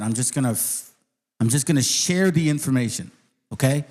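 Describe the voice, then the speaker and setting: A man hosting his own channel, talking bluntly in streetwise slang and swearing heavily. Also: a little high. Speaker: channel host. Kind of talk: profane casual commentary.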